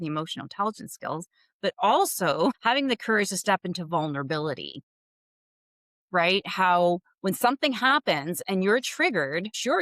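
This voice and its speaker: A woman's voice: fairly low pitch, fairly bright tone, no room sound. Candid woman coach, dry close sound. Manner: candid and reflective, laughs lightly, asks herself questions. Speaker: executive coach, podcast guest. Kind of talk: conversational podcast interview.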